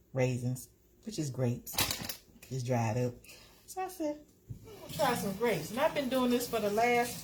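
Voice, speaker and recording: Chatting on a casual live stream, a woman with a deep voice talks over background noise. Easygoing and chatty, she repeats herself and speaks to viewers by name.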